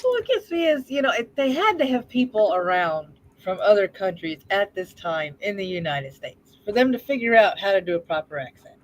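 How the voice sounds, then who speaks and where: Brief: blunt, chatty female podcast host, mid-pitched, casual storytelling. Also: very animated, normal speed, few pauses, poor audio. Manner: chatty, blunt, laughs and swears freely. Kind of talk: casual chat.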